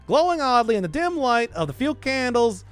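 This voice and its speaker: Casting: streamer doing brash Chicago-accent reader, big swooping pitch, music under. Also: male voice, big pitch swings, normal speed, clean tone, exaggerated voice. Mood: hammy. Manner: boisterous, higher and louder than usual. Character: loud Chicago-accented man reading game text aloud.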